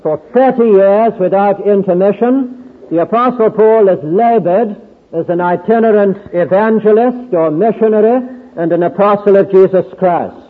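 A man giving a formal Bible exposition at a convention, measured and deliberate with occasional hesitant fillers. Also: high voice, long reverb tail, phone-quality sound. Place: large tent.

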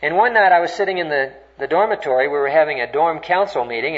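An older man preaching a sermon, earnest and animated as he tells a story, voice climbing high when stirred. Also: fast, few pauses. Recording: dull, lo-fi recording.

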